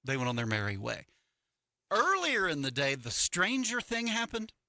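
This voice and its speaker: A middle-aged man co-hosting a morning radio show on a dry studio mic. He tells stories with a very lively, swooping delivery and a bright, forceful tone. He acts out the people he quotes along the way. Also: on the high side, moderate pace, no echo. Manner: animated storytelling with acted-out quotes. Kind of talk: casual radio chat. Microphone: studio microphone.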